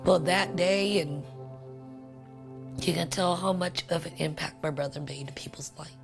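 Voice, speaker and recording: A woman speaks in a low, gravelly register, telling a personal story in a soft, hushed, emotional way. Quiet music sits faintly behind her voice. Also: fairly even intonation, normal speed. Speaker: sister of the deceased.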